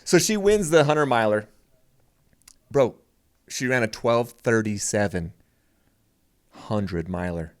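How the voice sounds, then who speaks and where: Man, podcast co-host, casual banter, animated pitch, teasing, laughs a lot. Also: takes it slowly, long pauses. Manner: teasing, laughs often, jumps between topics.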